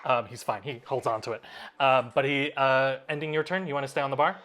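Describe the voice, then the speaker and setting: A man narrating as game master of a tabletop game, halting and full of fillers, laughing often. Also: medium pitch, fairly even intonation, a bit bright.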